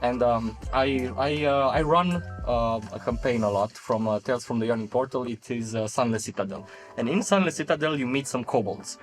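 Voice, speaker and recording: Halting man chatting about his game character. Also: mid-range voice, soft background music. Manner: halting, many restarts and laughs. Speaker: tabletop game player. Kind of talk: casual panel chat.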